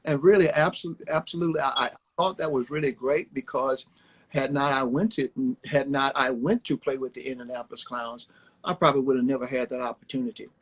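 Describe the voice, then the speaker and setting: A man's voice: mid-range voice, fairly even intonation, a little fast, breathy edge, low-quality recording. An older man from Alabama, a former ballplayer, telling folksy, rambling stories in an interview and repeating his words as he goes. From Alabama, USA. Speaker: former baseball player, guest. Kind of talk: storytelling interview chat. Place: home, on a livestream. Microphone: phone on a live video stream.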